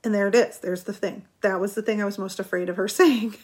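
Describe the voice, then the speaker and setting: A middle-aged woman talking to her viewers, recounting a personal story in an animated, chatty way and laughing now and then. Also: medium pitch, quick pace. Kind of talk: casual storytelling.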